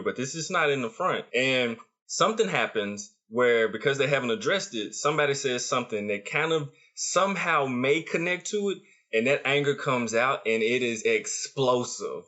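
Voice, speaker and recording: A man's voice: medium pitch, expressive, normal speed, few pauses, sharp tone, muffled recording. A man hosting a podcast, explaining a concept in casual talk and repeating phrases for emphasis. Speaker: podcast host.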